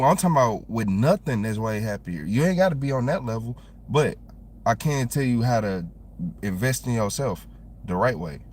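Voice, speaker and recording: A young man with a Southern American drawl, talking off the cuff on a livestream. He rambles in a slangy, animated way, and his voice sits at an ordinary middle pitch. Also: slight background noise. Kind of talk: casual livestream chat.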